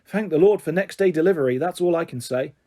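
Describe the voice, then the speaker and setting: A man's voice: a little high, fast talker, warm tone, lightly acted. A man voicing a middle-aged father in a storybook reading, flustered and stammering apologies.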